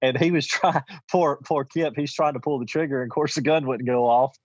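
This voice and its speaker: A man's voice: medium pitch, fairly even intonation, brisk, no room sound. Man, middle-aged, folksy rambling storyteller, muffled dry lo-fi sound. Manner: rambling, many restarts, folksy. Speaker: podcast guest, champion goose caller. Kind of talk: casual storytelling.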